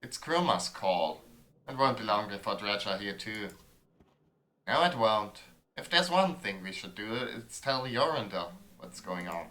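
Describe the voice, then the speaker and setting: A streamer reading aloud as a gruff, weary old male giant warrior, blunt and grumbling. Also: lowish voice, big pitch swings, a little slow, pushed and bright, full character voice.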